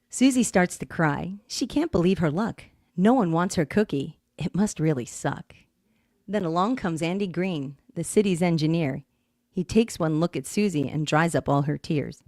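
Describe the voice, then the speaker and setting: A woman's voice: fairly low pitch, animated, unhurried, a little mellow, no echo, studio quality. A woman co-hosting a podcast, reading listener-sent comic poems and breaking into laughter often. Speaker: podcast co-host.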